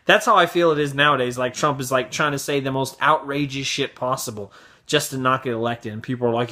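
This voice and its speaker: A man's voice: medium pitch, steady tone, fairly quick, bright, forceful tone. A man hosting his own video blog, giving a profane, sarcastic opinion rant in a casual way. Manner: profane, sarcastic, mocks others in raised voices. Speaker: vlog host.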